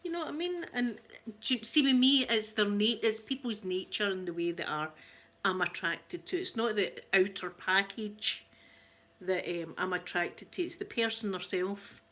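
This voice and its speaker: This middle-aged Scottish ASMR host speaks at a moderate pace in a mid-range, fairly bright voice. She chats casually through family stories, laughing often and mimicking the voices she quotes.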